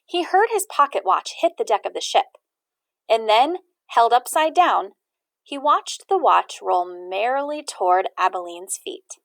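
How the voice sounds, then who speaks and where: A woman reads a children's storybook aloud, with an expressive, animated delivery. Her voice sits fairly high and swings widely in pitch. The recording is dry and close. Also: unhurried, vocal fry, no echo. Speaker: audiobook reader.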